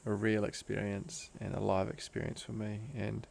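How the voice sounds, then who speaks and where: An Australian breathwork teacher, appearing as a guest, tells a personal story casually and earnestly, full of laid-back slang and calling the host "bro"; as he grows emotional he drifts into soft, hushed tones. His lowish, gravelly voice is delivered flatly at normal speed, with slight background noise.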